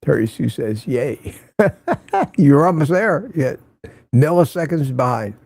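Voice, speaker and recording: A man's voice: a little high, sing-song, slow pace, creaky, a little mellow, breathy edge. An older man hosting a casual morning live stream, chatting and greeting viewers by name with frequent laughs.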